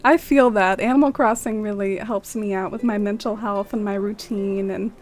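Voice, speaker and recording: A woman's voice: medium pitch, steady tone, moderate pace, darkish tone. A woman streaming a game, chatting casually, greeting viewers by name and using lots of "like". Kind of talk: casual live-stream chat.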